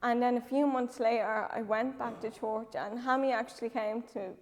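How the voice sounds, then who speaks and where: Nervous woman giving a halting testimony. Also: a little high, fairly even intonation. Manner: halting, lots of "um" and "like". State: nervous, close to tears. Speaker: church member giving testimony. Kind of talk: personal testimony. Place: church. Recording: reverberant church hall.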